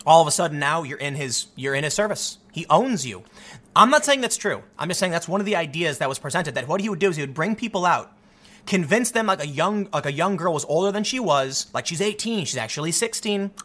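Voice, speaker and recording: A man talking through a casual commentary monologue, animated and often restarting his sentences. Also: fairly high pitch, fairly quick. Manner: animated, repeats himself, many restarts. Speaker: commentary host.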